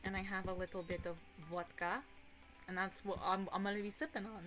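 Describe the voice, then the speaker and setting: A woman's voice: medium pitch, brisk, very noisy. Chatty young woman, laughing and swearing. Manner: rambling, animated, swears casually, laughs often, mimics others in excited bursts. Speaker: streamer. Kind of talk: casual chat.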